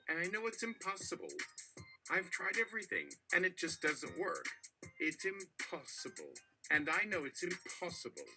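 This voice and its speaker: A synthetic man's voice reading a story with dialogue, jumping in pitch, repeating phrases and running into garbled credits. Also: poor audio.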